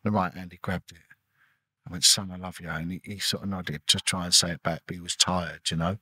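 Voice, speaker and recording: A man's voice: sits low, steady tone, brisk, bright, forceful tone, husky, no echo. A middle-aged man, a former detective as a podcast guest, telling an emotional personal story intensely and acting out the dialogue. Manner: intense, repetitive, acts out quoted dialogue.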